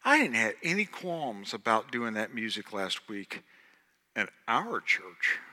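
A man with a Southern accent, a pastor making church announcements in a loud, animated, joking preacher style. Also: on the low side, measured pace. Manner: loud, animated, jokey, swings between shouting and hushed. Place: church sanctuary. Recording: long hall reverb.

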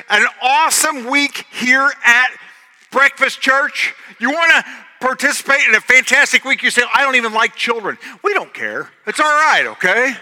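A man with a Southern accent, a pastor making church announcements in a loud, animated, joking preacher style. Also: very high voice. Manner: loud, animated, jokey, swings between shouting and hushed. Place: church sanctuary. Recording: long hall reverb.

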